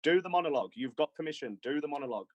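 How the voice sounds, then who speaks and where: Guy on a livestream panel, talks real quick, keeps cutting in with questions, dry sound. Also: on the high side, lively intonation, darkish tone, no echo. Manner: challenging, quick interjections. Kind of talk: casual live-stream debate.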